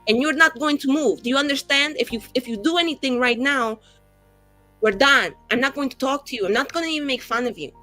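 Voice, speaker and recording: A woman's voice: sits high, brisk, sharp tone, faint music behind, voice pushed up. A woman voicing her brash, prickly young mage character, who swears and rambles between teasing jabs. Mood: stern. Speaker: player.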